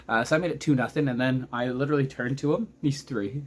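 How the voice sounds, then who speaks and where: A man in his thirties recaps a hockey game in a chatty vlog. His voice sits at an ordinary middle pitch, and his delivery is excitable and rambling. He often stops mid-sentence to hunt for a detail, and a faint hiss runs under the recording. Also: fast talker. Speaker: vlogger, hockey fan. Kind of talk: casual game recap commentary.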